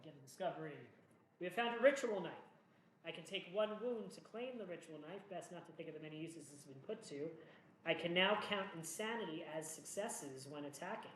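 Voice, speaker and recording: A man hosting a solo board game playthrough, chatting through each move in a jokey, self-mocking way. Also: a little high. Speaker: solo board game player and channel host. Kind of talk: casual playthrough commentary. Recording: echoey room with faint noise.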